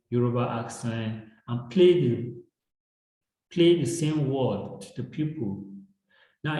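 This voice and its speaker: A man's voice: mid-range voice, dark tone. Nigerian man explaining in an echoey room. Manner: explains with examples, frequent tag "right?". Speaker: education guest. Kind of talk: explanatory discussion.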